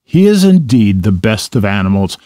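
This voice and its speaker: A man's voice: on the low side, big pitch swings, normal speed, warm tone, dry recording, clean studio sound. A man voicing a friendly, sensible male water rat who explains things plainly to a friend. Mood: fond. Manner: explaining, matter-of-fact.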